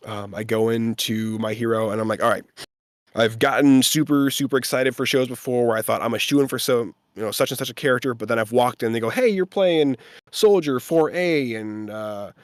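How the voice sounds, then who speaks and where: A male voice actor tells a story in a casual interview, mid-pitched and lively. He slips into the voices of the people he quotes. The sound is dry and close. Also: fast talker, no echo. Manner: animated, acts out quoted voices. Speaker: voice actor guest.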